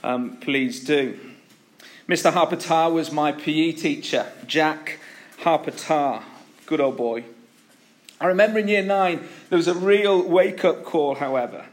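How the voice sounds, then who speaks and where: A man's voice: on the high side, unhurried. A man preaching an earnest, emphatic sermon, telling stories between his points. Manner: earnest, emphatic, with storytelling asides.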